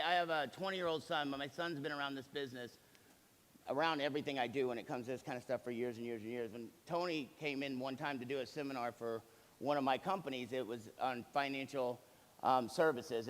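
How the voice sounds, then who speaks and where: A company executive in his forties delivers a motivational seminar talk in a large hall before a live audience, animatedly acting out the dialogue in his stories. His voice is mid-range and a little fast, and the hall sound is reverberant.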